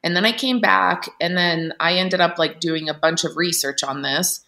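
A woman guest telling a personal story in an earnest, animated way, full of fillers and restarts. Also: on the low side, moderate pace. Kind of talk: candid storytelling interview.

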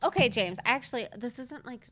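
A woman's voice: fairly high pitch, animated, a little fast, pushed and bright, dry recording. Woman co-host, casual and giggly, drifts mid-thought; dry, close recording. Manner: giggly, rambling, trails off. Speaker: podcast co-host. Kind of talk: casual chat.

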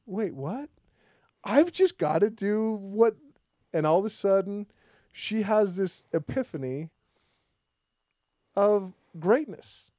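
A man's voice: slow, long pauses, no echo, studio quality. A man hosting a casual podcast chat, rambling through stories with frequent restarts and acting out quoted lines. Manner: rambling storyteller who restarts sentences often; acts out quoted dialogue with lively pitch jumps. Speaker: podcast host.

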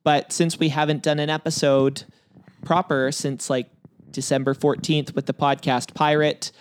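A man's voice: fairly high pitch, flat delivery, moderate pace, slight background noise. A man co-hosting a podcast in casual, joking chat, rambling with plenty of fillers. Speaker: podcast co-host.

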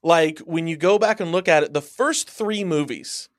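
A man co-hosting a casual podcast chat, excitable and quick to laugh. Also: a little high. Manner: excitable, exclaims and laughs a lot. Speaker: podcast co-host.

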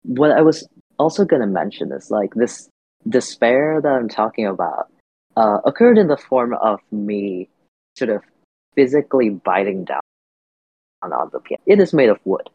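A man's voice: mid-range voice, big pitch swings, moderate pace, darkish tone, slightly rough, no echo. A man from Vietnam, a podcast guest, talking thoughtfully and hesitantly with many fillers and restarts, in dull lo-fi audio. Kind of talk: reflective podcast conversation.

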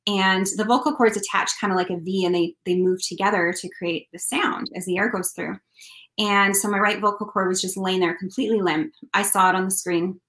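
A woman's voice: medium pitch, steady tone, brisk, a bit bright, echoey room, low-quality recording. A woman from Canada, a country singer and interview guest, telling a personal story in an earnest, heartfelt way.

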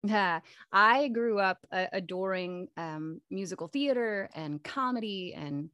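A woman voice actress chatting as an interview guest, lively and full of restarts and fillers. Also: medium pitch, measured pace, clean tone, dry recording, studio quality. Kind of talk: casual interview chat.

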